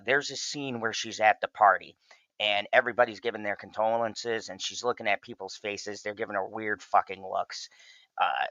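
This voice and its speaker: A man's voice: on the low side, bright, forceful tone, no room sound, lo-fi sound. A man casually recapping a crime drama episode in a loose, profane review. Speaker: show reviewer.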